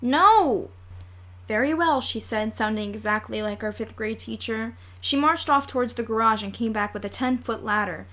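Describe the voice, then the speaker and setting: A woman reading a children's chapter book aloud in a lively, expressive way. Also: a little high, moderate pace, hardly any pauses. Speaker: audiobook reader.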